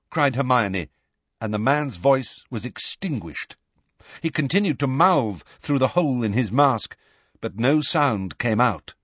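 A male audiobook narrator reads with a dramatic, lively delivery and a voice that rises and falls widely. His tone is a little husky. The recording is dull and very dry. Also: mid-range voice, measured pace, no room sound. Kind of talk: scripted narration.

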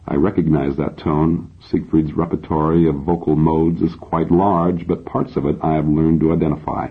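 A man reading a novel aloud in first person, in an even, measured way, on a dull lo-fi recording. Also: extremely low pitch, husky. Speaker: audiobook narrator. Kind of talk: first-person scripted narration.

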